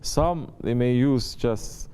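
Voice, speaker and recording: A man speaks in a warm, clear, resonant mid-range voice at a slow pace. He is a Sufi teacher giving a spiritual talk to his students, and he repeats his points while often checking in with the room through short rhetorical questions.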